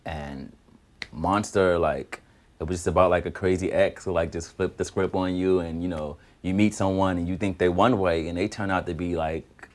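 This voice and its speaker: A man, a guest singer, telling a story in a casual, lively way and acting out other people's lines. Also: low voice. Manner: lively, acts out other people's lines in quick back-and-forth.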